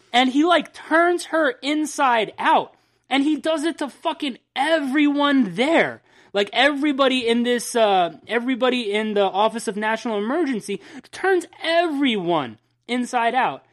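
A host in a casual chat, retelling at length in a rambling, profane, animated way. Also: high voice. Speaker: podcast host.

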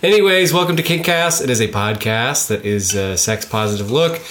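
A man's voice: mid-range voice, animated, moderate pace, a bit bright. A man co-hosting a podcast, joking and rambling in casual chat. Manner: joking, rambling, laughs often. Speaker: podcast co-host.

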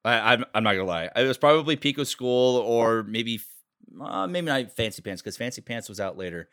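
A man in his thirties co-hosting a casual group call, excitable and swearing casually. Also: mid-range voice, brisk, smooth. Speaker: co-host. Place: online voice call.

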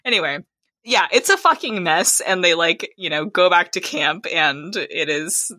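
A woman's voice: on the low side, unhurried. A woman co-hosting a podcast, talking animatedly and swearing often. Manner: animated, profane, laughing often. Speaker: podcast co-host. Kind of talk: casual podcast chat.

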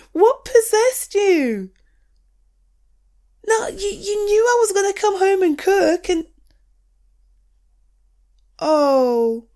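Actress for a teasing, forgiving girlfriend in an audio drama: slightly high voice, slow delivery, lots of laughter and casual swearing. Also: mellow, heavily acted. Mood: amused, teasing. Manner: laughs often, swears freely, teasing then tender. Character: affectionate young woman, teasing and forgiving partner. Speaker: girlfriend coming home. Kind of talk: scripted audio role-play.

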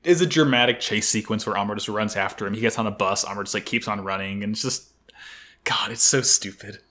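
A man's voice: fairly low pitch, fast. A man co-hosting a casual podcast, recapping an anime episode with jokes, swearing and frequent laughter. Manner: animated, laughs often, swears, jokey. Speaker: podcast co-host.

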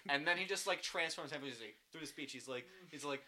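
A man's voice: a little high, fairly quick, sharp tone, a little hiss or hum. A young man co-hosting a comedy podcast, rambling through joke setups. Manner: rambling, riffs on bits with lots of "like". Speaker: podcast co-host. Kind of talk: casual comedic banter.

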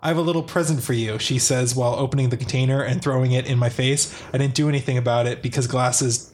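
A man's voice: medium pitch, steady tone, quick pace, darkish tone, slight background noise. A man reading a fan story aloud to friends, playful and teasing, acting out the narration. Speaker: podcast host reading fan fiction.

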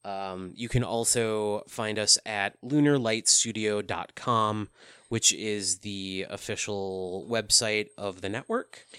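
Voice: medium pitch, steady tone, takes it slowly, a bit bright, smooth, no room sound. Chatty podcast co-host, dry close mic. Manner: chatty storyteller, acts out quotes. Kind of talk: casual chat.

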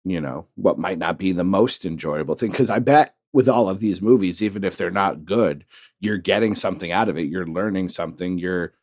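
A man's voice: low voice, a little fast, darkish tone, no echo, studio quality. A man hosting a podcast in casual chat, easygoing and steering the conversation toward the wrap-up. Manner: easygoing, wraps up the show. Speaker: podcast host.

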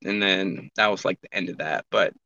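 A man's voice: deep voice, normal speed, sharp tone, slight background noise. A man in a casual podcast chat, talking candidly and profanely, rambling through many restarts. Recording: dull lo-fi recording.

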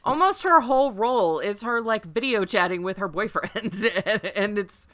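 A woman co-hosting a casual podcast, talking in an animated, giggly way and quick to joke. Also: mid-range voice, a crowd in the background. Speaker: podcast co-host. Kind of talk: casual chat.

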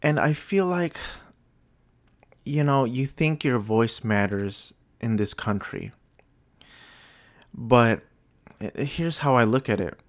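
A young man talking alone on his show, hesitant and apologetic, sounding low and despondent with many restarts. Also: takes it slowly, long pauses, no echo. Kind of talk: rambling solo commentary.

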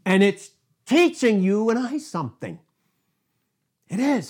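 A man's voice: high voice, sing-song, moderate pace, long pauses, darkish tone. A man preaching a sermon, pressing his listeners with repeated rhetorical questions and emphatic calls.

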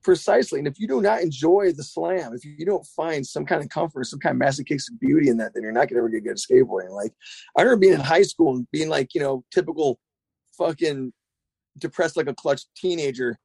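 Fast-talking gravelly man, casual and profane. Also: a little high, no echo. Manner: profane, rambling, animated storyteller. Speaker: skate shop owner. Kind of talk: casual podcast chat.

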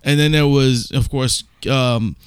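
Guy on a podcast rambling thru a story, smooth resonant voice, dry close mic, cusses a bit. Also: medium pitch, steady tone, unhurried, no room sound. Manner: rambling storyteller with casual swearing. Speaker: podcast co-host. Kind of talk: casual chat.

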